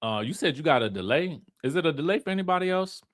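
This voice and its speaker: A man talks through a reality TV recap in a loose, campy way and laughs often. His voice sits a bit high and swings widely in pitch as he slips into a pampered, fussy voice. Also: lively intonation, fast talker. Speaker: reality TV commentator. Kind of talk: casual recap commentary.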